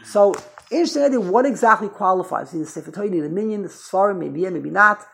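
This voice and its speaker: High-voiced man giving a rambling class. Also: lively intonation, fast, gravelly, fairly bright tone, husky. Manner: rambling, self-interrupting, frequent restarts. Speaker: rabbi teaching a class. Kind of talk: informal Torah lecture to a small group.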